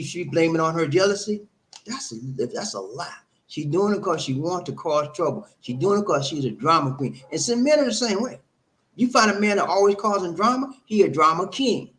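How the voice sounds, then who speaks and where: A man's voice: high voice, very animated, fairly quick, a bit bright. A man giving relationship advice to camera in a preachy, emphatic way, full of rhetorical questions and repetition. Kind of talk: talking to camera, advice monologue.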